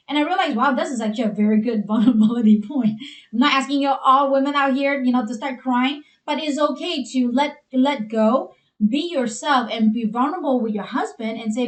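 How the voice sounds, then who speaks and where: High-voiced woman with a Chinese accent. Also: brisk, roomy sound. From Asia. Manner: earnest, heavy use of "you know" fillers. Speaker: co-host. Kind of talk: advice talk for couples.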